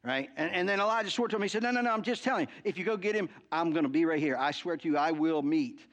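A man preaching a sermon, telling a story in an animated way and acting out the quotes, often adding "right?" and restarting words. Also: fairly high pitch, fast. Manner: frequent "right?" asides and repeated word restarts. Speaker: pastor.

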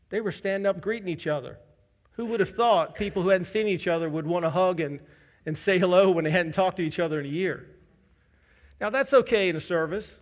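A high-pitched man delivers a sermon to his church congregation. He tells a candid personal story and pokes fun at himself along the way. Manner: candid storytelling with self-deprecating humor. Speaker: pastor.

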